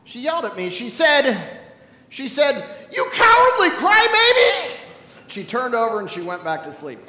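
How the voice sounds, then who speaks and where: A man preaching a sermon as a pastor, telling stories animatedly and swinging from loud to hushed. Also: sits high, big pitch swings, moderate pace, reverberant, big-room sound, rough recording.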